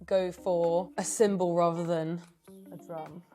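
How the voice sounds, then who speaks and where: A woman's voice: on the low side, steady tone, slow pace, mellow, soft background music. A woman learning drums who asks questions and sums up what the teacher explains. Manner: short acknowledgements, sums up what she learns. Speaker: beginner drum student. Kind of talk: casual lesson questions.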